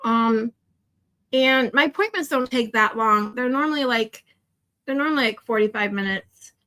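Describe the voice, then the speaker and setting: A woman's voice: a little high, moderate pace, pushed and bright. A woman chatting on her livestream with viewers, rambling, laughing often and turning tearful. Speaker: streamer. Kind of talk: casual livestream chat with viewers.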